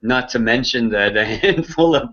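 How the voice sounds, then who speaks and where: A man's voice: mid-range voice, normal speed, a bit bright. Laid-back man on a muffled line. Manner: loose, hesitant, many fillers. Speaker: co-host of an online marketing broadcast. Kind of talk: casual chat. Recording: dull lo-fi sound.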